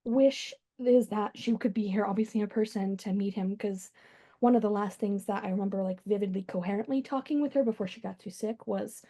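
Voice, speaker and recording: A woman's voice: medium pitch, fairly quick, warm tone. A young woman, the client of a spirit medium, speaking chattily and emotionally. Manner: chatty, emotional, laughs often.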